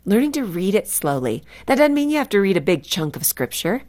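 A woman from California, a guest author speaking earnestly and reflectively in a faith radio interview, slowing down to stress key words. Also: mid-range voice, big pitch swings, darkish tone. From California, USA.

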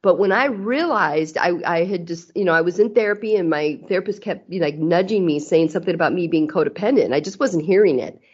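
A woman's voice: on the low side, animated, quick pace, hardly any pauses, slightly rough. A middle-aged woman talking candidly as a guest in a casual interview, earnest and often restarting her sentences. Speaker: podcast guest. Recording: slightly muffled audio.

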